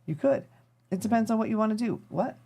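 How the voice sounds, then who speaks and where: A woman's voice: a little high, fast talker, gravelly, dark tone. A woman hosting a live stream, chatting casually and rambling to her viewers as she thinks aloud while tinkering. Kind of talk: casual chat to a live audience.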